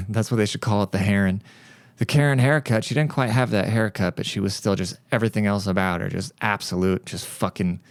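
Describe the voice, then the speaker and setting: A male podcast host rants casually, telling stories in a blunt and profane way. His voice is clear and smooth, at a middle pitch for a man, recorded dry and close. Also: dry recording. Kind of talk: casual rant monologue.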